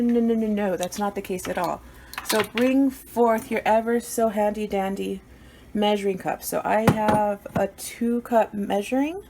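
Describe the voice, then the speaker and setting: A woman's voice: medium pitch, warm tone, slight background noise. A woman casually walking through a home coffee recipe in her kitchen, with playful, self-mocking jokes. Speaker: home cooking vlogger.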